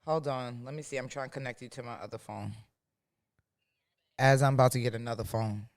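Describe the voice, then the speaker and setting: A woman's voice: a bass voice, fairly quick. Blunt, profane New woman. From New York. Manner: blunt, profane, animated storyteller. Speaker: podcast host. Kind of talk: casual chat.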